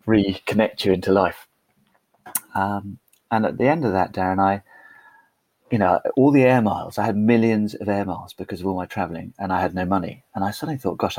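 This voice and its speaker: Husky man telling a story. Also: low-pitched, a little mellow, no room sound. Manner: chatty, self-deprecating, with frequent restarts and laughs. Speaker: podcast guest. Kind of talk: conversational storytelling.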